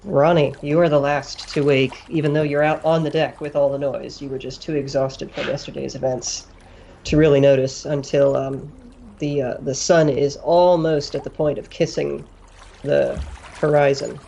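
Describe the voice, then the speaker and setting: A man narrating as game master of a tabletop role-play, describing scenes in a relaxed way with fillers and chuckles. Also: a little high, moderate pace, creaky, slight background noise.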